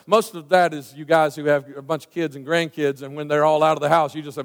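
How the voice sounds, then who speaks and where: A man's voice: a little high, quick pace. A man preaching a conversational sermon, with lots of restarts and asides. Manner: animated, conversational preaching with many restarts and fillers. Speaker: pastor. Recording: long reverb of a church hall.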